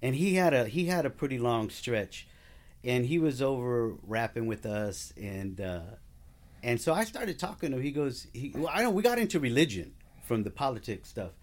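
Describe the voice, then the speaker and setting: A man's voice: medium pitch, sing-song, moderate pace. A man as a podcast guest, telling a personal story in casual conversation, acting out what people said and laughing along the way.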